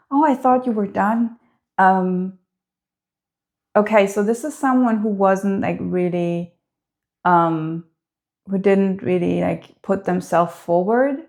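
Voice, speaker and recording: A woman giving a spoken tarot reading in a gentle, heartfelt way, hesitant and full of filler words. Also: fairly low pitch. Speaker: tarot reader.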